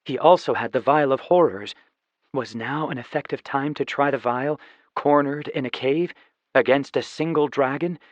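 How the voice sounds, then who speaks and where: Man, audiobook narrator, steady scripted narration, dry studio, slightly muffled sound. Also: mid-range voice, normal speed, dry recording. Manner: even, steady storytelling with voiced dialogue.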